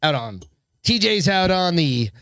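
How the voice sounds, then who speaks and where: A man's voice: a little high, very animated, a little slow, bright, forceful tone, dry recording, clean studio sound. Casual swearing male podcast co-host. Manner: loose, swearing banter with frequent fillers. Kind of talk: casual chat.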